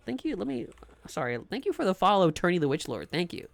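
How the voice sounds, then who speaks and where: A man's voice: a little high, sing-song, fast, creaky. A man streaming a game live, chatting casually to his viewers in a rambling, joking way and often stumbling over words. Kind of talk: casual live gameplay commentary.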